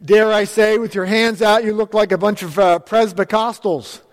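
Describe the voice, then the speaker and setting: A man's voice: sits high, fairly even intonation, normal speed. A middle-aged male pastor preaching a chatty, joking sermon to his congregation. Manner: upbeat, chatty, jokes with the congregation. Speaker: transitional pastor. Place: church sanctuary. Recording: long church hall reverb.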